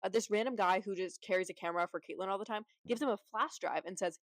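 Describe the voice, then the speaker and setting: A woman's voice: mid-range voice, fast talker, dry recording, rough recording. A woman recapping a movie in a casual, chatty way, sarcastic and full of fillers. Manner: chatty, sarcastic, heavy use of "like".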